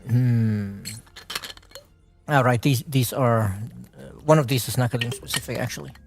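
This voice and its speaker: A man's voice: mid-range voice, normal speed, gravelly, soft background music. A man hosting a live game stream, chatting and commenting on gameplay, laughing often and restarting his words.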